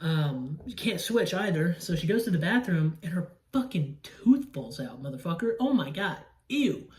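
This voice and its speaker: Speaking at a normal pace with an animated, slightly mellow medium-pitched voice, a young movie reviewer rambles through a horror movie recap. Frequent swearing and grossed-out outbursts punctuate the casual talk.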